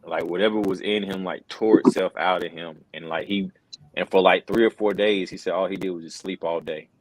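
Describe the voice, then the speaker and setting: Middle-aged male interview guest, very deep voice, earnest and casual, lots of "bro". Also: steady tone, brisk, dry recording, rough recording. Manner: earnest, says "bro" and "man" a lot, many restarts. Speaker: wrestling commentator, interview guest. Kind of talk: casual conversational storytelling.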